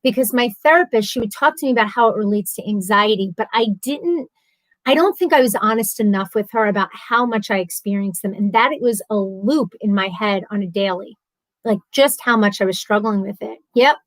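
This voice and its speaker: A woman in her thirties talking openly on a live stream, candid and animated, answering viewer comments. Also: mid-range voice, brisk, no echo, low-quality recording. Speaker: vlogger.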